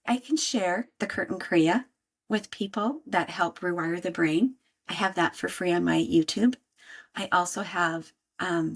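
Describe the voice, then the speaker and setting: A middle-aged woman sharing her healing story in conversation, animated and acting out her own inner voice. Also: fairly low pitch, slightly rough. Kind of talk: conversational interview talk.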